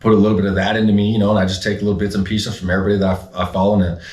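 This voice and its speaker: A man's voice: lowish voice, little pitch movement, very fast, darkish tone. A man in his thirties, a guest in an interview, talking in a blunt, confident, streetwise way. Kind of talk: casual interview talk. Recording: echoey room.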